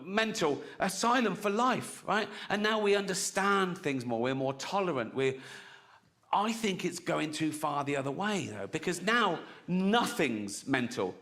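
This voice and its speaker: A man's voice: a little high, pushed and bright. A man performing stand-up comedy, brash and punchy, often chuckling at his own jokes.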